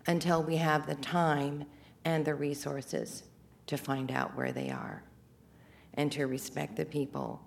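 Low-voiced older woman, earnest commenter. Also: expressive, vocal fry. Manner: earnest, deliberate. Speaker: public commenter. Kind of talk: public comment at a council meeting.

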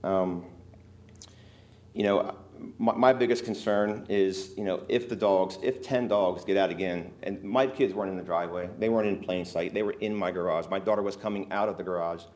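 A man, a local resident, giving earnest, emotional testimony at a public hearing, halting often with fillers. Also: deep voice, steady tone, a little mellow.

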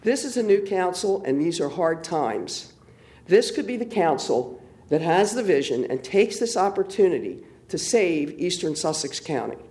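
A man's voice: high-pitched, sing-song, moderate pace, darkish tone. A middle-aged man giving an urgent, emphatic public comment at a council meeting.

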